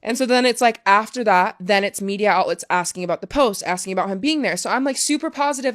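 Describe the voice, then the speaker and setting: A woman's voice: medium pitch, fast, few pauses. Candid young woman telling a story. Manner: candid, swears freely, heavy use of "like". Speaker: guest, professional soccer player. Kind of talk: casual storytelling interview.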